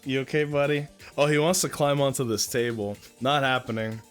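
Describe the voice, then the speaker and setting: This young male streamer's voice is mid-range, steady, fairly quick, fairly bright, and clean. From his home, close on a desk mic, he chats with viewers, drops the odd swear, and coos at his cat, while soft music plays in the background.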